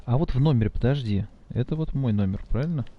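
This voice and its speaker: Relaxed man streaming a game. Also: mid-range voice, fast talker, highs cut off, slight background noise. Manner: relaxed, chuckling. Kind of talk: casual game commentary.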